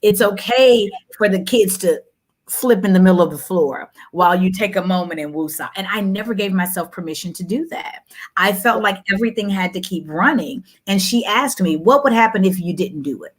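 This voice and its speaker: A woman in her thirties, a guest on a talk show, telling candid stories with lots of repetition for emphasis and sudden high jumps when she quotes someone. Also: moderate pace. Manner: animated, repeats phrases for emphasis, jumps high when quoting. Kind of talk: candid conversational storytelling.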